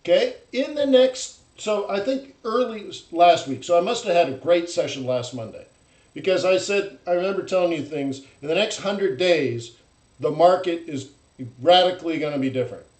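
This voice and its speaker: A man hosting a live trading stream, talking bluntly and animatedly and mocking traders in loud put-on voices. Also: high-pitched, animated, moderate pace, roomy sound, low-quality recording. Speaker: forex trading host. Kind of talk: live-stream market commentary.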